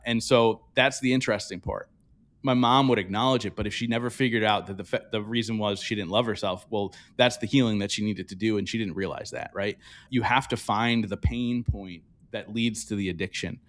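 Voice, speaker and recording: A man's voice: fairly low pitch, fairly even intonation, a little fast, a bit bright. A man talking as a podcast guest, reflective and earnest, speaking openly in a candid interview.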